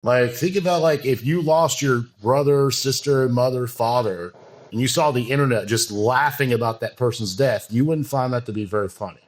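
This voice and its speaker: An earnest man in a relaxed podcast chat, voice pitched at an ordinary middle height. He talks in long loose run-on sentences, often stopping to add fillers before pressing on. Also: normal speed. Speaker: bodybuilding coach and podcast guest. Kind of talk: casual podcast conversation.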